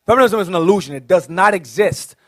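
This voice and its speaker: High-voiced forceful man declaring points. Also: expressive, fast, no echo. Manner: forceful, declarative, repeats for emphasis. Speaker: deacon. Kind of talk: classroom teaching.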